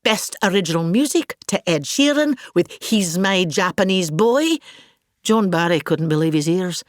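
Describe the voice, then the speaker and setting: A woman's voice: lowish voice, lively intonation, normal speed, no room sound, studio quality, lightly acted. A woman with a Scottish accent playing a vain, grandiose older actress in a scripted comic monologue, pompous and gossipy. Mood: grand.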